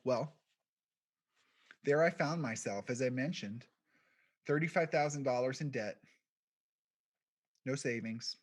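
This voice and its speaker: A man giving a keynote, telling a personal story in a quiet, reflective way with deliberate pauses. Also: medium pitch. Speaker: keynote speaker, podcast founder.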